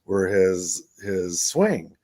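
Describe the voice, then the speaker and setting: A man co-hosting a radio talk show, telling lively stories and acting out quoted voices, often laughing. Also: low-pitched, drawn-out words, dry recording. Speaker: radio show co-host, former city council member. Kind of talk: casual storytelling radio conversation.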